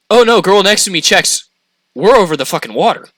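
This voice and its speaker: Brief: young man, lively swooping storyteller with a slightly high, bright voice, dry close sound. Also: brisk, no echo. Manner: animated, profane, laughs through the telling. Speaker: podcast storyteller. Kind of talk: casual storytelling chat.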